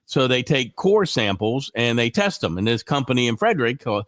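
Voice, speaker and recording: A man's voice: mid-range voice, sing-song, moderate pace, a bit bright, dry recording, studio quality. A man with a head cold, chatting casually as a guest on a morning show, rambling with many fillers and restarts. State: congested with a cold. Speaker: guest radio host. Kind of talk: casual chat.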